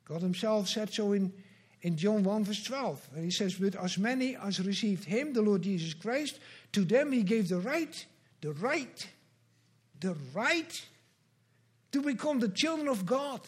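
High-voiced man preaching a sermon. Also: animated, slightly rough. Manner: earnest, measured preaching with slow emphatic repetitions. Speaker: pastor.

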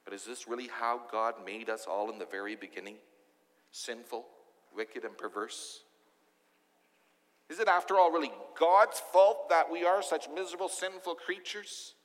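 A man's voice: mid-range voice, fairly even intonation, normal speed, big-room sound. A man preaching a sermon as pastor, emphatic and full of rhetorical questions.

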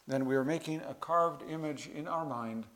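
A male preacher delivers a sermon in a slightly higher-than-usual voice. He speaks earnestly, pushing louder and higher when stressing key phrases, then dropping back down. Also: normal speed.

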